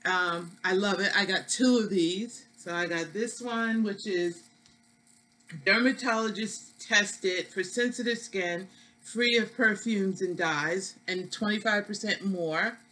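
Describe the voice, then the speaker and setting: A woman's voice: medium pitch, slow, pushed and bright, poor audio. Chatty New York woman vlogger. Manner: chatty, folksy, addresses viewers as y'all. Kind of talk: casual product haul vlog.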